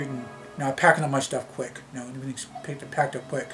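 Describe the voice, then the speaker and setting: A man from Canada telling a personal story to his camera in a rambling, halting way, with many restarts. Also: mid-range voice, steady tone, poor audio. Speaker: vlogger. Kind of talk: casual storytelling vlog. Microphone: camera mic. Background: background music.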